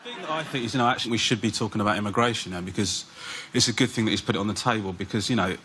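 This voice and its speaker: A man's voice: on the low side, rapid-fire, bright, forceful tone, slight background noise. A man on a comedy panel, rambling through a joke with lots of filler phrases. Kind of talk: stand-up banter on a panel show. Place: TV studio.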